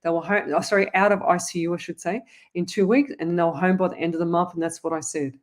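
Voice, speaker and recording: A psychic medium hosts a live online Q&A, her voice set a little low for a woman. She talks casually and earnestly, pressing her point again and again and calling viewers "lovey". Her advice comes across as urgent and heartfelt. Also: fairly even intonation, fast talker. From Australia. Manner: addresses viewers as lovey and guys.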